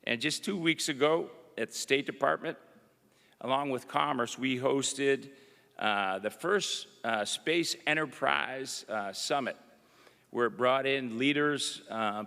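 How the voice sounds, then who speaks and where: A man's voice: medium pitch, unhurried, gravelly, pushed and bright. A middle-aged man, a government undersecretary, giving a folksy public speech full of anecdotes, with lots of "you know" and "uh". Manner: folksy, chatty storytelling with frequent "you know" and "uh". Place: university event hall. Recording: long reverb of an event hall.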